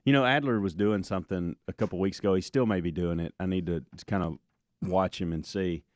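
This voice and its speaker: Relaxed man hosting radio. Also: sits low, brisk, no echo. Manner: relaxed, rambling storytelling. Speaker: radio show host. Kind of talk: casual morning radio banter. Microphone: studio microphone.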